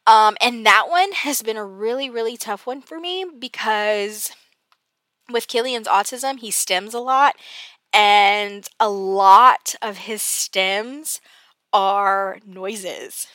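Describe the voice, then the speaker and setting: A woman's voice: medium pitch, takes it slowly, a bit bright, no room sound. A woman, chatting casually on her podcast, exasperated and laughing at herself, with lots of fillers. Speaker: podcast host. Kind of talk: casual personal podcast talk.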